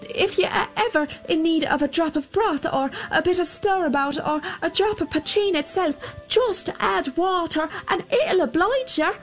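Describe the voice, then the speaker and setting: A woman voicing a tiny fairy of the little folk, speaking in a high, light, coaxing way. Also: moderate pace, soft background music.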